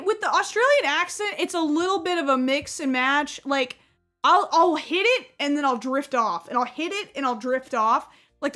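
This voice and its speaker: A young woman chatting casually to her live-stream viewers while she plays, talking excitedly and sometimes getting loud when surprised. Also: high voice. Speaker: gaming streamer.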